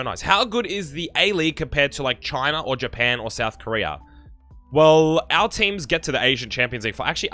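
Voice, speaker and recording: Lively, bright-voiced Australian man. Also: medium pitch. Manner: chatty, rambling, talks to viewers. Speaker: gaming streamer. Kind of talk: live stream commentary, reading chat.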